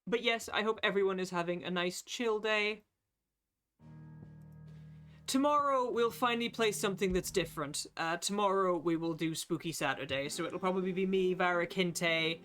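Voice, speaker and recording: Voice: medium pitch, normal speed, a bit bright, soft background music. A streamer, chatting casually and swearing while playing a game live and reading its text aloud. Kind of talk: casual live gameplay chat.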